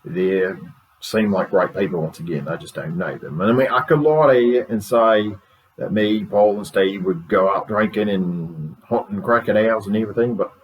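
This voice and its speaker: A man voicing a relaxed, rambling radio guest. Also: moderate pace, natural voice, low-quality recording. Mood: easygoing. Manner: relaxed, rambling, low-key. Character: laid-back Australian man, chatty radio guest.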